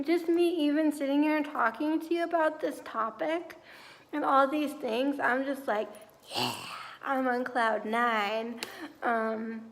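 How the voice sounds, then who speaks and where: A tired young woman chatting casually at home in a rambling vlog, full of fillers. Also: sits high. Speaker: vlogger.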